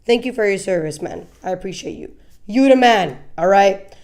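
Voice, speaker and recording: A woman hosting a live political talk show, blunt and animated, often repeating words as she talks. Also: mid-range voice, moderate pace. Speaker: host. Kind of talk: casual political commentary.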